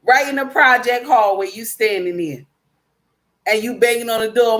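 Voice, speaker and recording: A woman's voice: a little high, normal speed, fairly bright tone. A woman hosting a casual livestream, reading out chat comments and lecturing emphatically, repeating her points and calling listeners baby and my dear. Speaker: live stream host reading chat.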